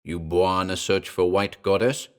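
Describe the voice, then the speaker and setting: A man voicing a gruff male gorilla in a storybook reading, talking in broken pidgin and then in slangy tough-guy wisecracks. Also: deep voice, fairly even intonation, measured pace.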